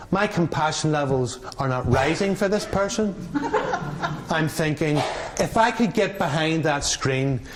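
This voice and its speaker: A man's voice: mid-range voice, slight background noise. Wry middle-aged man telling a story. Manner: wry, candid storyteller with dry humour. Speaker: mediator and speaker. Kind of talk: public talk with personal storytelling.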